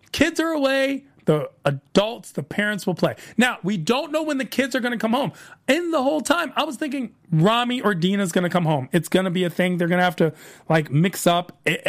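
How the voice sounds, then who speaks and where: A man hosting a TV review show, recapping episodes in a casual, rambling way that repeats phrases as he retells scenes. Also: high voice.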